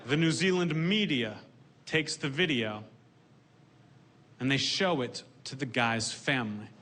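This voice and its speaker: A man performing a stand-up comedy set in a deadpan way, delivering dark punchlines dryly on a comedy stage with audience laughter behind him. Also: medium pitch, measured pace, a little hiss or hum.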